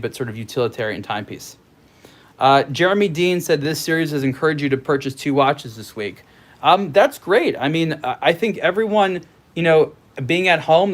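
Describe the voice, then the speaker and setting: Rambling man chatting from home. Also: medium pitch. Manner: rambling, thinks aloud with many restarts and fillers. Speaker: host. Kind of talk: casual livestream chat reading viewer comments.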